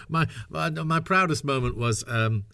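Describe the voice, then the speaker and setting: A middle-aged man recalls his career in a loose, chatty way, laughing at himself as he goes. His pitch sits in an ordinary middle range. The studio sound is close and dry, with no room echo. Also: creaky, bright, forceful tone. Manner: chatty, self-mocking, laughs often. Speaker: interview guest, voice actor. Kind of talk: casual anecdotal interview talk.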